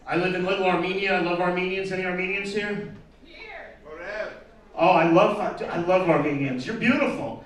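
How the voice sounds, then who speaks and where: A man's voice: high voice, a bit bright. A man doing a crude, brash stand-up set and teasing the crowd at a live event. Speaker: stand-up comedian. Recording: echoey distant mic with crowd. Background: audience chatter and laughter.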